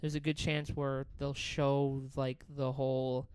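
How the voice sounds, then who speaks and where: A man's voice: medium pitch, level tone, a little slow, a little mellow, clean tone, no room sound. A man co-hosting a podcast, chatting loosely and swearing freely about TV shows. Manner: loose, profane, laughing. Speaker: podcast co-host. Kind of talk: casual chat.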